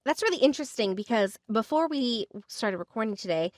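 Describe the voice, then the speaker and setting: A woman's voice: a little high, animated, fairly quick, dry recording, studio quality. A woman co-hosting a podcast, reflective in tone and turning questions to the others. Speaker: podcast co-host. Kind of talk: casual chat.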